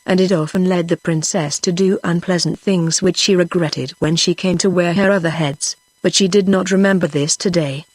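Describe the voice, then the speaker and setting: A synthetic woman's voice with a British English accent, narrating an audiobook in an even, steady way. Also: on the low side, dry recording. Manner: even, evenly paced synthetic reading. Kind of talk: text-to-speech audiobook narration.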